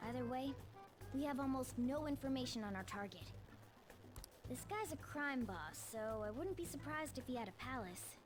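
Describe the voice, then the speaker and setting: A woman's voice: sits high, lively intonation, moderate pace. An actress playing a blunt, spirited teenage girl in a video game. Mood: eager. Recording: game audio with music behind.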